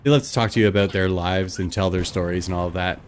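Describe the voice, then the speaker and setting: A man with a fairly low voice, chatting loosely with his stream viewers. He rambles from one story to the next with lots of "like" and "you know" along the way. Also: fairly even intonation, fast talker, slight background noise. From Canada. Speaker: live streamer. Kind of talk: casual chat with stream viewers.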